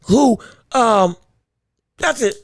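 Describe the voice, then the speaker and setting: Male podcast host with a raspy, fry-tinged voice and a dry sound. Animated, laughing commentary that stumbles over repeated words. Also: very high voice, extremely slow, no room sound. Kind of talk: casual boxing podcast commentary.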